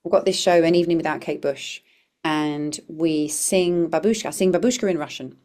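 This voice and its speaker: A woman's voice: low voice, steady tone, normal speed, darkish tone. A woman comedian and performer, a podcast guest, telling a story in an earnest, reflective way with frequent restarts. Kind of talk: conversational storytelling.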